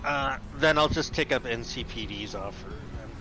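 Bright-voiced man joking as a tabletop player. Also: medium pitch, normal speed, soft background music, poor audio. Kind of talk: casual tabletop play.

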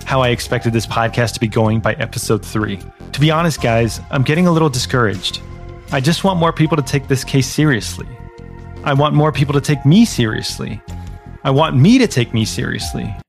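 A man's voice: mid-range voice, creaky. A man hosting a comedic audio drama as an amateur detective, talking awkwardly and switching to sudden screaming. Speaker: podcast host playing an amateur detective.

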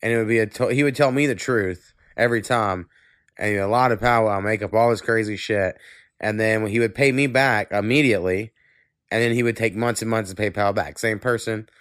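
A congested man hosting a casual podcast chat. His voice sits fairly low and sounds smooth and clear. He rambles and swears freely, recorded dry and close with no room sound. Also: a little fast, a bit bright, no room sound. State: congested with a cold. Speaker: podcast host.

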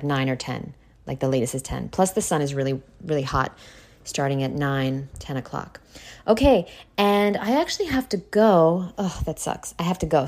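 A young woman with a slightly low voice chats to her podcast listeners as if to close friends. She is confiding and loose, swears freely and keeps dropping "like" between thoughts. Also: darkish tone. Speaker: podcast host. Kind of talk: casual confessional chat.

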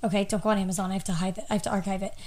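A woman's voice: mid-range voice, flat delivery, very fast, darkish tone. A woman co-hosting a casual podcast, rambling and filler-heavy, close to the mic. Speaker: podcast co-host. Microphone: close studio mic.

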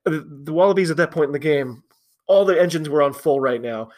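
A man's voice: on the high side, fairly quick, a little mellow. A man hosting a solo podcast, chatty and opinionated, with frequent fillers and restarts. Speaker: podcast host. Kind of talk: casual solo commentary.

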